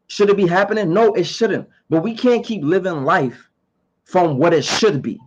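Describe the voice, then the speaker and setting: A man's voice: sits high, animated, moderate pace, husky, dull audio. A man giving his opinions in a casual monologue to camera. He talks emphatically, repeats his points and asks rhetorical questions.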